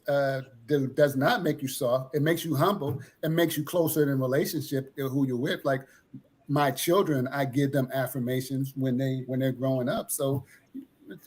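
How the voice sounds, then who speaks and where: A man's voice: medium pitch, breathy edge. A man with a New Jersey accent hosting a casual panel chat, joking and self-mocking. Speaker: show host.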